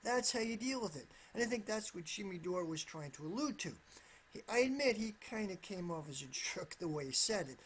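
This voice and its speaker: Animated and fairly quick, a high-voiced political commentator rambles through his solo commentary, restarting sentences, saying "absolutely" repeatedly, and hammering his points while hedging carefully. There's slight background noise.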